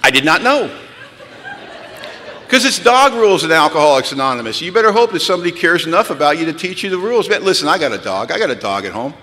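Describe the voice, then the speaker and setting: Bright-voiced man telling funny stories. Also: fairly high pitch, fast talker, long reverb tail, slight background noise. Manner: lively, animated, punchline-driven storytelling. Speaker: recovery meeting speaker. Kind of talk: humorous storytelling talk to an audience. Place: large hall.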